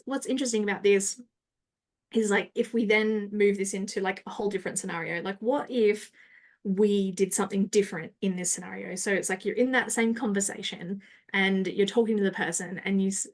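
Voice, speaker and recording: A woman's voice: medium pitch, fairly even intonation, normal speed. A woman marketing coach, a guest on a podcast, who explains her ideas in a casual coaching tone and often checks in with "right?".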